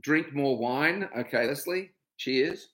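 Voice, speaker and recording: A man's voice: a little high, slow, heavy background noise. A middle-aged man with an Australian accent hosting a casual livestream, greeting viewers by name and talking openly about his own experiences. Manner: chatty, greets viewers by name, turns to a reflective personal talk. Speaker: livestream host. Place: home.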